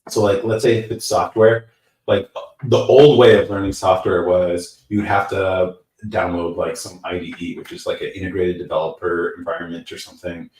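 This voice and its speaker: A low-voiced man hosts a loose, casual live Q&A, rambling and joking at his own expense. He sits back from the microphone, so his voice comes through distant and echoing around the room. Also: flat delivery, moderate pace, darkish tone. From United States. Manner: rambling, joking, self-deprecating. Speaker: host answering live chat. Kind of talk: casual livestream Q&A. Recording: roomy sound from away from the mic.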